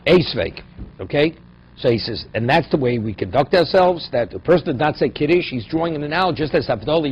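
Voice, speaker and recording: A man's voice: on the high side, husky. Man teaching Talmud. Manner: explains Aramaic phrases in English, asks "right?" often. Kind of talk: daily Talmud class. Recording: dull lo-fi recording with faint noise.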